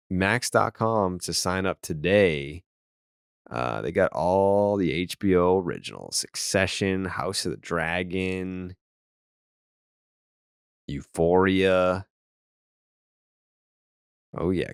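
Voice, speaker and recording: Low-voiced man on a sports podcast. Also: a bit bright, clear, resonant tone, no room sound, studio quality. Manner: reads ad copy jokingly, rattles off baseball stats. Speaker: podcast host. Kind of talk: casual sports podcast chat.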